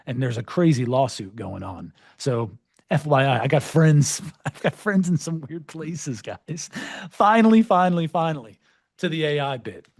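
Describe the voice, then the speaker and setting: A male podcast host talks in a somewhat high voice that rises and falls widely as he jokes his way through the topic. His asides are playful and self-mocking. The sound is close and dry, with no room around it. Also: animated, normal speed, creaky, no room sound. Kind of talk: energetic presentation with jokes.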